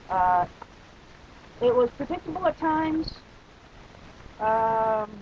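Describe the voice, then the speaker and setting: A man's voice: high voice, highs cut off, slight background noise. A young man giving a casual, opinionated spoken movie review, rambling with frequent restarts and fillers.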